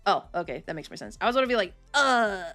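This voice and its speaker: A woman in her thirties chatting casually on a livestream, telling stories with lots of swearing and quick restarts. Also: fairly low pitch, very animated, fairly bright tone, faint music behind. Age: 30s. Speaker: streamer.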